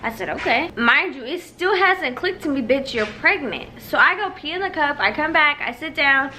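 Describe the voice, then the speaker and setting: Young woman, high bright voice, chatty and emotional, faint background noise. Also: animated, moderate pace, low-quality recording. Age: 20s. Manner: emotional, laughing, chatty storytelling. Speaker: vlogger. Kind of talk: casual chat.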